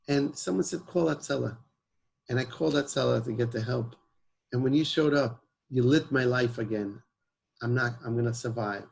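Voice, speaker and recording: A man's voice: medium pitch, gravelly, slightly rough, poor audio. A man, guest in an interview, earnestly telling a personal story and mixing in Hebrew words. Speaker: guest, emergency service founder.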